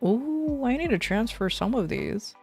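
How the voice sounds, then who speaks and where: A woman's voice: a little high, animated, measured pace, a little mellow, husky, soft background music. A woman VTuber streamer chatting casually while gaming, rambling and ranting in an exasperated way.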